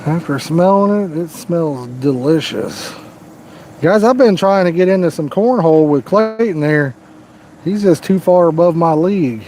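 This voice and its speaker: A man with a Southern US accent chats through a casual fishing livestream, cracking corny one-liners in a folksy drawl. His voice sits fairly high for a man. A faint outdoor hum runs behind him. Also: a little slow, mellow. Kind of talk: casual live-stream chat. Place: outdoors by the water.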